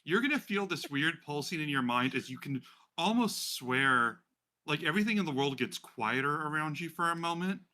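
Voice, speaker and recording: A man's voice: on the high side, animated, moderate pace, bright, forceful tone. A man running a tabletop role-playing game, narrating in a chatty way with many fillers. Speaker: game master.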